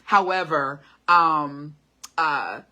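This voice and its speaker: Her words drawn out in a deep, sharp voice, a middle-aged woman hosts a live motivational stream, casually reading comments and urging viewers on with short repeated phrases and much laughter. She sounds like a classically trained singer.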